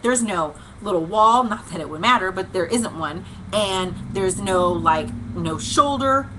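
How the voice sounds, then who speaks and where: A woman hosting a livestream devotional, telling a long casual story in an animated, chatty way, with lots of "like" and "okay" and bursts of laughter. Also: medium pitch, slight background noise, rough recording. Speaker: host. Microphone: livestream webcam mic.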